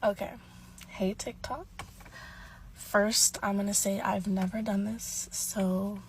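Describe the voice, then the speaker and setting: Woman in her 20s, slow and halting, emotional confession. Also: mid-range voice, fairly even intonation, noisy background. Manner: hesitant, emotional, many pauses. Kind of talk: personal confession to camera.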